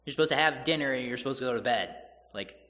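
A man's voice: medium pitch, fast, pushed and bright, long reverb tail. A man preaching a sermon, retelling scripture in casual everyday paraphrase and acting out the people in the story.

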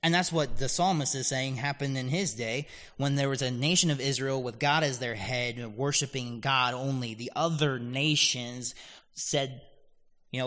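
A man's voice: medium pitch, moderate pace, a bit bright. A man preaching a sermon on a psalm, teaching earnestly and giving God's words extra emphasis. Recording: long hall reverb.

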